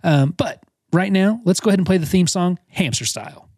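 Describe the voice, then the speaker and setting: A man co-hosting a kids' comedy podcast in a goofy, excitable way. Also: high-pitched, brisk. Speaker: podcast co-host.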